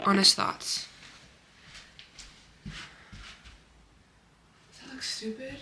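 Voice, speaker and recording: A woman's voice: medium pitch, very noisy. A young woman and fitness coach chatting casually to her phone camera in a vlog, bubbly and swearing now and then. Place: home, then car and gym.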